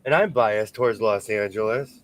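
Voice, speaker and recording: A man's voice: fairly low pitch, normal speed, slight background noise. A man hosting a casual chat, reading comments aloud and laughing often. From California. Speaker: host.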